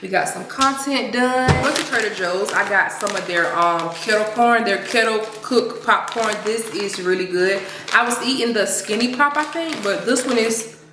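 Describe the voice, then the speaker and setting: A young woman talks to her phone camera while out on errands, chatty and heartfelt. Her voice sits at an everyday middle pitch. Faint road and car noise hums behind her. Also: normal speed. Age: 20s. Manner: chatty and heartfelt, drifts into sung lines and praise. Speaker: vlogger. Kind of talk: casual vlog chat to camera. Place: out and about running errands, in a car and stores.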